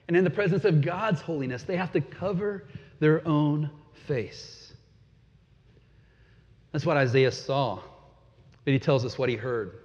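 A man preaching a sermon, dramatic, swinging from loud emphasis to a hush. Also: a little high. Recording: dull, long hall reverb.

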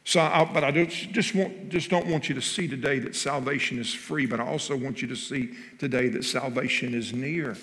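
A man's voice: medium pitch, fairly even intonation, normal speed, hardly any pauses, fairly bright tone. A man preaching a sermon, telling a story and then pressing its point with rising emphasis. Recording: long hall reverb.

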